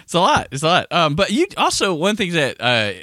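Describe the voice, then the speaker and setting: Lively bright-voiced podcast host. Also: male voice, a little fast, no echo, clean studio sound. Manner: rambling, restarts, lively pitch. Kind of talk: casual podcast chat.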